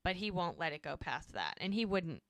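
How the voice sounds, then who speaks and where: Animated woman recapping a TV episode. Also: on the low side, normal speed, dry recording. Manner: animated retelling, acts out the characters' lines. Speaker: podcast co-host. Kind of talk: casual recap chat.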